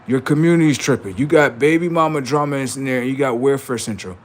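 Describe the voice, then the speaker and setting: Brief: male livestream host, mid-pitched, crude mocking rants, lots of repetition. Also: fast talker, few pauses. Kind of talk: ranting livestream commentary.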